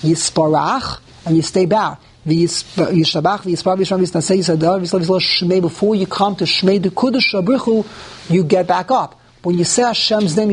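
A man with a fairly high voice gives a Torah class, and he says the Hebrew terms with an Ashkenazi pronunciation. He works through the points step by step, repeats key words and restarts phrases as he goes. A faint hiss sits under the recording. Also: darkish tone. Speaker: rabbi teaching a class.

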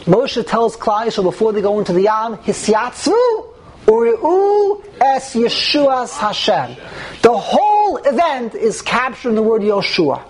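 A woman's voice: a little high, big pitch swings, measured pace, rough recording. A woman teaching a religious text class, explaining step by step and asking herself rhetorical questions.

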